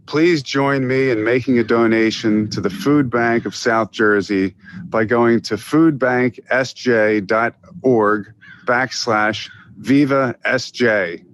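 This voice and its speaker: A man's voice: medium pitch, slight background noise. Man, executive, scripted sponsor message, earnest, formal.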